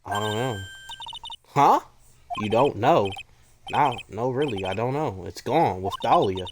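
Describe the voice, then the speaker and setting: A man's voice: mid-range voice, lively intonation, measured pace, background noise, close to an everyday voice. Man reading as a brooding convict in broken English.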